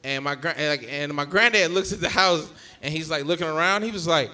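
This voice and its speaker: Young male stand-up, high and bright, lively, acts out his relatives. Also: brisk. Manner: animated storytelling, acting out family members. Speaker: stand-up comedian. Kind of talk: stand-up set.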